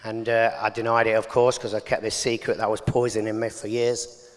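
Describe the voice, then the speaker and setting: A man's voice: lowish voice, little pitch movement, brisk. Blunt man in a reverberant hall. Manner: blunt working-class storytelling, plain and earnest. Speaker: interview guest giving testimony. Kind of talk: personal testimony. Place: large church hall.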